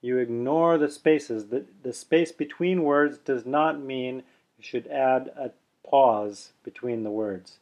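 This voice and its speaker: A man teaching pronunciation, who explains slowly and then chants the examples with careful, deliberate delivery. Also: mid-range voice, darkish tone. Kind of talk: pronunciation lesson with slow chanting.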